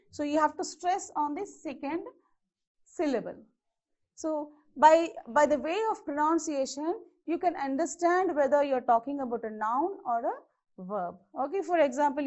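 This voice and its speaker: High-pitched lady teaching grammar, says okay a lot, kinda dull lo-fi audio. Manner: repeats words and checks in with "okay". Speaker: English teacher. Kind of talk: classroom grammar lesson. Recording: slightly dull lo-fi lesson audio.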